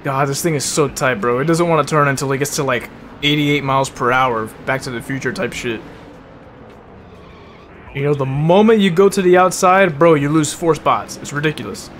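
A young man giving casual commentary while playing a racing game, full of bro and swearing, sometimes flaring into loud angry rants. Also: a little high, normal speed, soft background music. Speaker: gaming video host.

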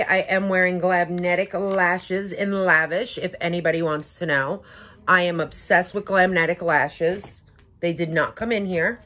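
A young woman beauty vlogger unboxing makeup in a casual vlog, gushing with excitement and gasping over each item. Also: mid-range voice. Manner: gushing, breathless excitement with frequent gasps.

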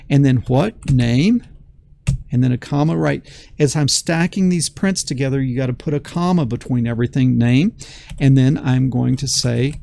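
A man's voice: mid-range voice, gravelly, dark tone, a little hiss or hum. A man teaching a beginner programming lesson in a folksy, enthusiastic way, often repeating phrases for emphasis. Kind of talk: screen-recorded coding lesson.

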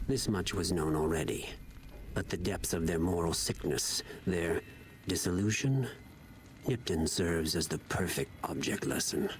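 An actor playing a cruel Legion officer who lectures in a measured, contemptuous way, in a video game. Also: male voice, deep voice, a little hiss or hum. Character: cold cruel Legion officer, stern older man.

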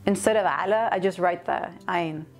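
A woman's voice: lowish voice, normal speed, faint music behind. A woman giving a casual lesson on slang words, switching back and forth between languages as she explains each phrase. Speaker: language teacher.

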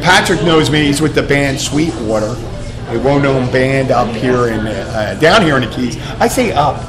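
A man's voice: mid-range voice, lively intonation, moderate pace, poor audio. A man from Philadelphia hosting a casual chat in a bar, rambling with lots of fillers and restarts. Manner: rambling, hesitant, many fillers. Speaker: host. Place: crowded bar. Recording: loud crowd chatter behind.

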